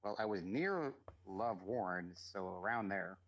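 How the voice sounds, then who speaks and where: A man playing a tabletop game, stating his actions in a quiet, matter-of-fact way over a dull lo-fi call. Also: low voice, animated, unhurried. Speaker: player. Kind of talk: casual tabletop play.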